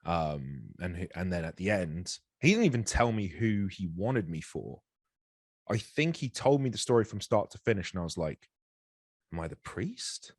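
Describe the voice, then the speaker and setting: A man's voice: low-pitched, lively intonation, moderate pace, breathy edge, no echo, clean studio sound. A man in his thirties, an actor guest telling a candid, self-deprecating story in an interview, rambling with frequent restarts.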